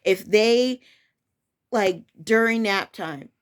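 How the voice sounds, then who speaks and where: A woman's voice: medium pitch, slow pace, clear, resonant tone. A young woman chats about her work as a preschool teacher in a frank, firm way. She often restarts and corrects herself mid-sentence, then pushes on with plain, direct words. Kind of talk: casual personal storytelling.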